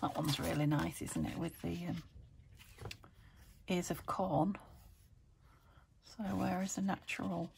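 A woman's voice: fairly low pitch, fairly even intonation, a little slow, gravelly, long pauses, darkish tone, a little hiss or hum. A woman chatting to herself as she crafts a junk journal, muttering and talking to her materials as she works. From United Kingdom. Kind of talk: casual crafting commentary.

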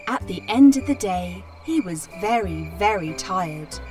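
A woman reads a children's storybook at a slow, steady pace. She sounds set back from the mic, and clear music plays behind her. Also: mid-range voice, recorded from a distance. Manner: slow, clear, plain reading with animal sounds. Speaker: storybook reader.

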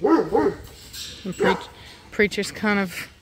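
A woman dog breeder chatting casually in a vlog, rambling with many ums and restarts and snapping out sharp commands to her dogs. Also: mid-range voice, expressive, very slow, background noise. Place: kennel area with several dogs. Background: dogs barking and moving.

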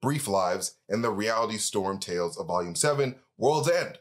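Lively man reading an upbeat ad. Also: on the low side, moderate pace. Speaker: host reading sponsor ads. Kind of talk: scripted ad read, then casual chat.

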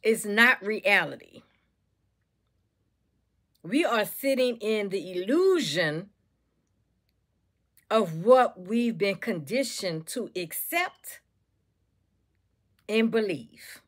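A woman's voice: mid-range voice, lively intonation, very slow, long pauses, fairly bright tone. A woman motivational speaker, talking to camera in a preachy, repetitive way and calling listeners baby and y'all.

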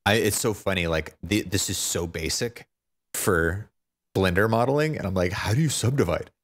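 A man talking through a software tutorial, thinking aloud, fumbling and poking fun at himself. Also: sits low, moderate pace. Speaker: tutorial maker. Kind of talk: unscripted screen-recorded tutorial.

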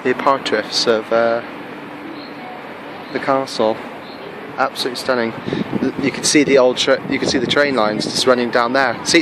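A man chatting casually in a travel vlog, excitable and full of fillers, filming himself indoors and then outdoors on a handheld camera. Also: medium pitch, background noise. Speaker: travel vlogger. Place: hotel room, then outdoors at a castle.

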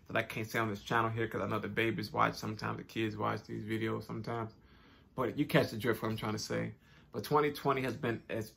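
A man's voice: on the low side, creaky, pushed and bright, husky. A young man hosting his own channel, talking casually straight to camera in an upbeat, chatty way with informal slang and repeated phrases. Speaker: YouTube channel host. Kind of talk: casual direct-to-camera vlog talk.

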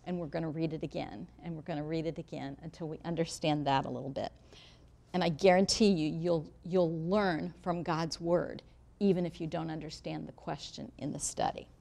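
A middle-aged woman leads a Bible study for women gathered in a church room. Her voice sits a little low, and she speaks directly to the room in a plain, reassuring way. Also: steady tone, normal speed, vocal fry, mellow. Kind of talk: teaching talk to a live group.

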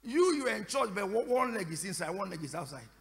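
A man preaching a sermon as pastor, questioning the congregation again and again in call and response and breaking into shouted prayer. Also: sits high, very animated, fairly quick, creaky. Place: church service. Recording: echoey church hall.

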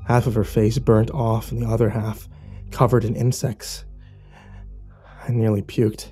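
A man's voice: lowish voice, level tone, unhurried, pauses often, dark tone, husky, faint music behind. A man narrating a horror story in the first person, with dramatic scripted delivery.

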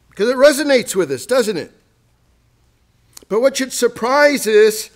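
A man preaching a sermon as pastor, joking and acting out sarcastic asides. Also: high-pitched. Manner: lively, jokey, acts out sarcastic asides with laughs. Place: church sanctuary.

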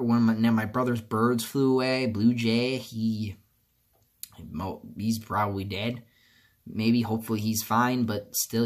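A man talking on his own channel in a rambling, emotional vlog monologue, full of restarts and fillers, dropping low and quiet, then bursting out loud. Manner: rambling, many restarts and fillers, swings from subdued to loud outbursts. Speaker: YouTuber.

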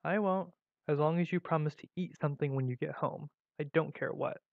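A man's voice: on the high side, fairly quick, vocal fry, dry recording. A man reading Robin, a worried teen girl. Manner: concerned, pleading. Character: worried teenage girl, caring and blunt best friend. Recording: dull lo-fi recording.

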